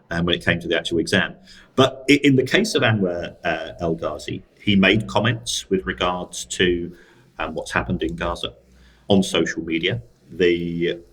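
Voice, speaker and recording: Male co-host, deep voice, dry wit, casual finance explainer. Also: a bit bright, low-quality recording. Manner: dry, wry asides, frequent restarts. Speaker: co-host, football finance expert. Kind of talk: casual podcast discussion.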